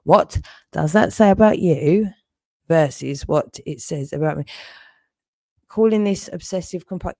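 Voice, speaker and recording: A woman's voice: fairly low pitch, measured pace, creaky, pauses often, darkish tone, dry recording. A young woman ranting angrily and profanely on a livestream, repeating herself. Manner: furious, profane and repetitive. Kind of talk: angry livestream rant.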